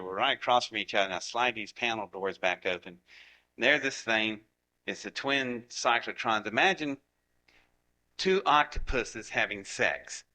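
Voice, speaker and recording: A man in his seventies from Ohio telling anecdotes in a lively way and acting out the dialogue. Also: medium pitch. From Ohio, United States. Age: 70s. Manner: acts out dialogue with lively voices. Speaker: guest storyteller. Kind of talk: animated anecdotal storytelling.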